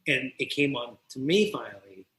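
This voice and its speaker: A man's voice: medium pitch, reverberant, rough recording. A man from New Jersey, a podcast guest and coach, telling his story candidly and acting out scenes as he goes. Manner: animated, quick, acts out scenes as he tells them.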